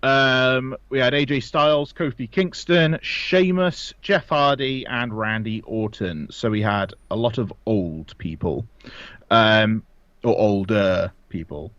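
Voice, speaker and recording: A man's voice: mid-range voice, slow, fairly bright tone, no room sound, lo-fi sound. A man co-hosting a casual wrestling review podcast, rambling with lots of fillers and frequent laughs. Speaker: podcast co-host. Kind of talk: casual chat.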